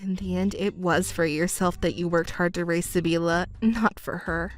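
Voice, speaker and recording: A woman voicing a calm, composed young stepdaughter in a texting story, speaking coolly and cuttingly. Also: fairly low pitch, moderate pace, soft background music, lightly acted.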